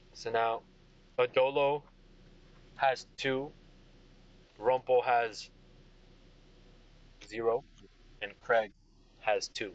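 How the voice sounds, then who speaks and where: A man narrating a tabletop game as game master, telling the story with animated energy. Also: mid-range voice, dull audio.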